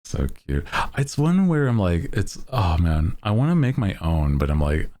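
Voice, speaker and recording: A man streaming as a VTuber, chatting casually to his viewers in a deep voice, rambling and laughing often. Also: big pitch swings, moderate pace, dark tone.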